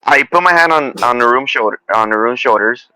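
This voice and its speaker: A man's voice: medium pitch, a little fast, pushed and bright, clean tone, dry recording, poor audio. A man playing in a tabletop role-playing game, hesitant and casual, with frequent restarts and casual swearing. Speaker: player.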